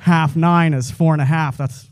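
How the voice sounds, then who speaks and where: An American man doing a stand-up comedy set in a club, rambling and animated, swearing freely and chuckling at his own jokes. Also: on the high side, normal speed, slight background noise. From United States.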